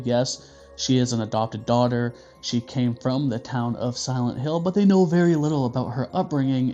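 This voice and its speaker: A man's voice: mid-range voice, lo-fi sound. A man hosting a casual movie review, joking and swearing freely. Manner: profane, joking, animated.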